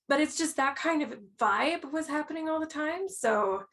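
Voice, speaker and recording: Woman, podcast guest, fairly high voice, gravelly fry, casual storytelling. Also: normal speed, few pauses. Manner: animated, acts out quoted reactions.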